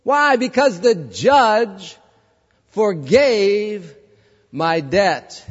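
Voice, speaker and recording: A high-voiced male pastor preaching a sermon, telling a story with lively delivery and acting out the voices of its characters. The recording is dull and muffled, and a long hall reverb trails his words. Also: moderate pace.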